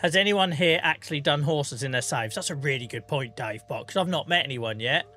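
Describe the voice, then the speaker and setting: A man in his forties, live streaming a farming game and chatting casually with his chat, joking, laughing often and greeting viewers by name on a boom-arm mic. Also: animated, a little fast, bright, forceful tone, soft background music. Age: 40s. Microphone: boom-arm microphone.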